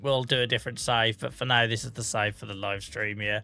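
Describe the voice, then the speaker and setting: A man's voice: mid-range voice, steady tone, brisk, pushed and bright, smooth, no echo. A man hosting a game livestream, chatting casually and self-mockingly as he reads out viewer comments. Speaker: livestream host. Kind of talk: casual chat with viewers while gaming.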